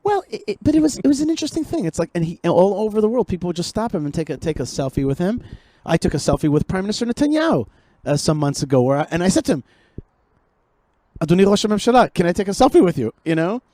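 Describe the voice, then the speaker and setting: A man hosting a podcast conversation, animated and joking, often repeating his words as he goes. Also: sits high, very fast, dry recording. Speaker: show host.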